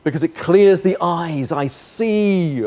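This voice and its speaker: A man preaching a sermon as pastor, earnest, moving between forceful lines and hushed ones. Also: fairly high pitch, slow pace.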